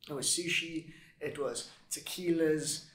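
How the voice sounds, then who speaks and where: A man's voice: a little high, a little slow, fairly bright tone. A man chatting casually on a podcast, laid back and full of fillers. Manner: laid-back, lots of fillers, says "yo" and "dude". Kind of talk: casual chat. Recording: roomy echo.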